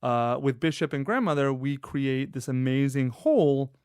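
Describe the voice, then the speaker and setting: A man's voice: medium pitch, normal speed, clear, resonant tone, no echo, studio quality. A man, a podcast guest, telling personal stories in a casual, emphatic way, swearing now and then. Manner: animated, emphatic, casual swearing, acts out quoted friends. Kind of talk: casual conversational storytelling.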